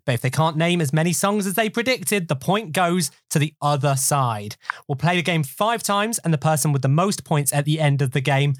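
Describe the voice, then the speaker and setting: A man hosting a podcast quiz, upbeat and teasing, briskly explaining the rules. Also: on the high side, animated, dry recording, clean studio sound. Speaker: quiz host.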